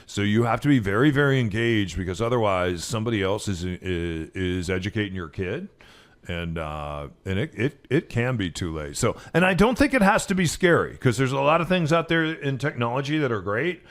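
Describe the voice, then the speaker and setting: A man's voice: lowish voice, lively intonation, normal speed. Male co-host, easygoing studio chat, rambles and backtracks. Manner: rambling, stops and restarts often. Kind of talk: casual talk radio chat.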